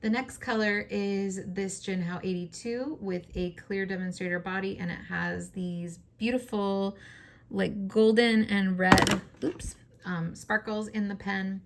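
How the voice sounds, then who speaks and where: A woman with a scratchy, hoarse voice chatting in a relaxed, enthusiastic way, with plenty of fillers. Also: mid-range voice, unhurried. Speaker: fountain pen vlogger. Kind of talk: casual show-and-tell.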